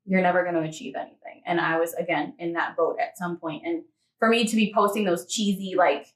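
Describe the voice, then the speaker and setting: Speaking fairly quickly with a low-ish voice and fairly even intonation, a fitness model chats casually as an interview guest, laughing often and acting out little quotes. A distant mic captures her in an echoey room.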